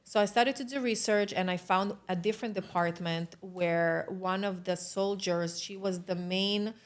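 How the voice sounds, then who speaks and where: A woman's voice: mid-range voice, steady tone, unhurried. A woman from Israel with an Israeli accent, a podcast guest telling a story in casual conversation and acting out the dialogue, with non-native grammar.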